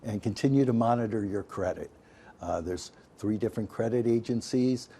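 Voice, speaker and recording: A man's voice: lowish voice, normal speed, warm tone, slight background noise. Folksy man teaching internet safety. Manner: folksy, emphatic, addresses viewers as folks. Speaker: digital literacy instructor. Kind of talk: instructional talk.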